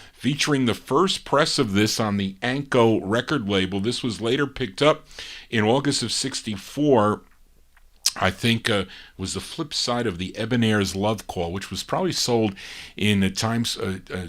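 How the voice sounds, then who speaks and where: A man hosting a live oldies record show, introducing listener requests in relaxed, rambling patter with frequent fillers. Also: fairly low pitch. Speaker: oldies radio show host and DJ.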